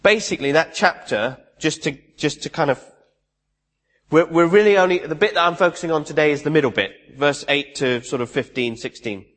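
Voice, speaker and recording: A man's voice: a little high, a little fast, a bit bright, in a large hall. A man preaching a sermon, reading scripture aloud and then explaining it in a conversational way, with restarts and asides.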